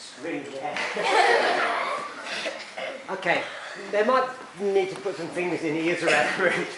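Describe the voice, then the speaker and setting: A man's voice: high voice, moderate pace. A man presenting a creative-writing workshop to children, playful, acting out scenes with silly voices and sound effects. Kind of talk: lively talk to a young audience. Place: room with a live audience. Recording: echoey room from far off, noisy.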